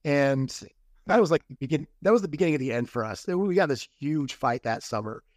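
A man's voice: fairly high pitch, lively intonation, brisk, no room sound, clean studio sound. A middle-aged man as a podcast guest, candidly telling a personal story in casual conversation and acting out the quoted lines. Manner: candid, acts out quoted dialogue.

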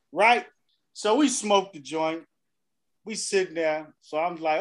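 A man's voice: high voice, unhurried. A man co-hosting a podcast, telling a long, profane story in casual banter. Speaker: podcast co-host.

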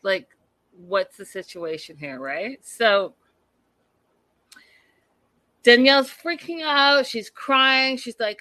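Woman host, chatty and sassy, bright tense voice, slow unhurried delivery. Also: medium pitch, dry recording. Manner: chatty, sassy, talks to viewers. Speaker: reality TV recap host. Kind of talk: casual chat recapping an episode.

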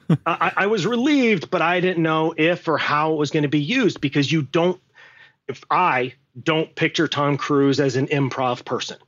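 A male actor telling an animated set anecdote as a podcast guest, acting out quotes and swearing freely. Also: fairly high pitch, moderate pace, muffled recording. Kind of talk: storytelling anecdote.

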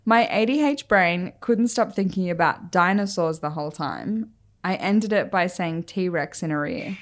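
A woman's voice: lowish voice, animated, unhurried. Giggly young woman podcaster. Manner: giggly, reads out listener stories. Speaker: podcast co-host. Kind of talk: casual chat.

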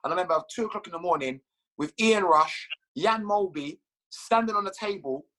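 Man, high voice, bright, animated, casual storyteller, cursing, laughing guest. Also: brisk, low-quality recording. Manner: animated, swears freely, laughs at his own stories.

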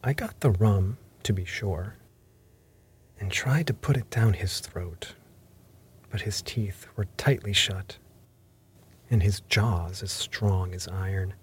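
A man tells a classic adventure tale in measured, scripted narration. His low voice is very husky and breathy, and some phrases drop to a half whisper. He keeps an unhurried, slow pace throughout. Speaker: audiobook narrator.

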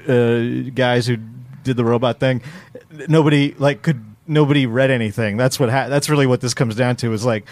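A man's voice: medium pitch, dry recording. A man co-hosting a podcast in casual comedic chat, rambling through jokes with frequent laughter. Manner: rambling, laughing, trails off into asides. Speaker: podcast co-host.

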